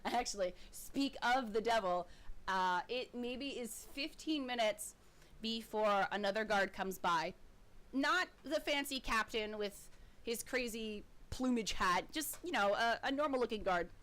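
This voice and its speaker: A woman narrating as game master of a tabletop game, lively and quick to laugh. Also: on the high side.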